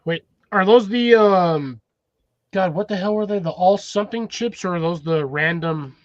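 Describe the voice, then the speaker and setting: A man in loose podcast banter, blunt and offhand. His voice is slightly high, and it comes through muffled and lo-fi, as if over a remote link. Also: normal speed, no room sound. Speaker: co-host. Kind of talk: casual podcast chat.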